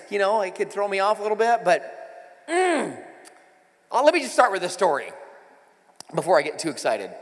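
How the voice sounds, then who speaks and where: A pastor in his forties preaching and telling stories in a church auditorium, animated and emphatic. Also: high-pitched. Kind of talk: sermon with prayer and storytelling. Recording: reverberant hall with faint music.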